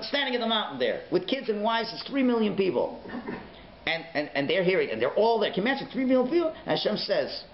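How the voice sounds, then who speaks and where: Animated rabbi in an echoey room. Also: male voice, sits high, brisk. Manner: animated, acts out voices, sudden shouts and hushed whispers. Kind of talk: Torah class. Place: synagogue learning centre classroom. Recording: echoey room, dull lo-fi sound, faint hiss.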